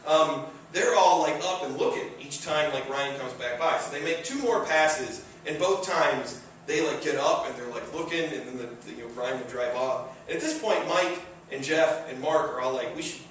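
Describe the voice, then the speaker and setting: A man's voice: medium pitch, a bit bright, a little hiss or hum. A man from Michigan telling a funny true story on stage in a casual way, full of fillers and with a chuckle in his voice. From Michigan, USA. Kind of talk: live comedic storytelling. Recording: very echoey room, distant mic.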